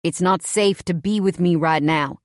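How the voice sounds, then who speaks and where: A woman's voice: lowish voice, normal speed, no room sound, clean studio sound, lightly acted. A woman reading the part of an angry, protective young man who growls curt warnings in an audiobook. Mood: angry, stern.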